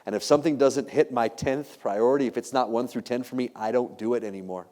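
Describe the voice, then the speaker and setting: A middle-aged man giving an animated, joking keynote talk, telling stories and acting out the voices of the people in them. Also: mid-range voice, fast talker. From United States. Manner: animated, jokey, acts out quoted voices. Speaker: keynote speaker. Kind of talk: motivational keynote storytelling. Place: large hall before a live audience. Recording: long hall reverb.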